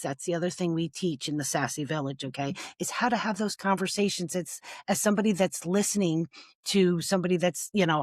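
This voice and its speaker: A woman's voice: lowish voice, dry recording. Earnest woman, dry close sound. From United States. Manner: earnest, laughs often, tag questions. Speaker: guest, nonprofit founder. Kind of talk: emotional interview talk.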